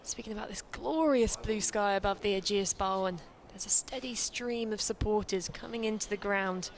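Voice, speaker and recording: A woman breaks down the cricket in clear, articulate analysis, her voice at a medium pitch. She has a lightly playful edge, and a faint murmur of the ground sits in the background. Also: moderate pace, slight background noise. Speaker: cricket co-commentator. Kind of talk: expert analysis commentary.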